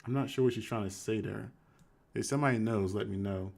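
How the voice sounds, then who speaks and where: A man hosting a live commentary stream, chatting casually and reading quoted messages aloud in a flatter, quieter voice. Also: a little fast, vocal fry. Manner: conversational, shifts to flat low reading voice for quoted texts. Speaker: commentary host.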